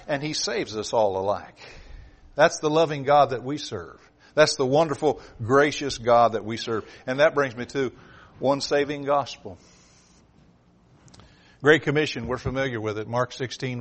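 A man's voice: medium pitch, normal speed. A man preaching a sermon, driving home points with repetition and sudden swells of emphasis.

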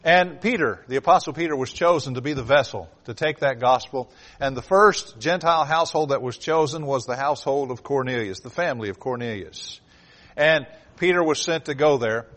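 A man's voice: mid-range voice, brisk, a bit bright. A man preaching a sermon, driving home points with repetition and sudden swells of emphasis.

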